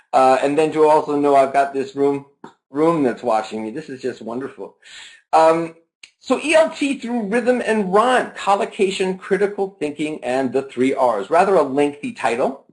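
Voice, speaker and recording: A man's voice: a little high, poor audio. A man presenting a live teaching webinar over a video call, who keeps asking the audience questions and then answers them himself, and who stretches words out to show stress and intonation.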